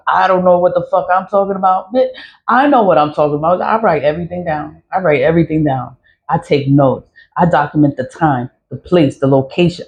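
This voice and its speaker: A woman's voice: deep voice, darkish tone, dull audio. A middle-aged woman, venting angrily to camera in a profane monologue and repeating herself for emphasis. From New York. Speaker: vlogger.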